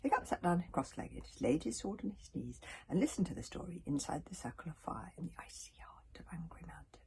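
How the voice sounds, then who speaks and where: A woman reading a children's book aloud in an animated way, often dropping into whispers. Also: lowish voice, brisk, few pauses. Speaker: storyteller.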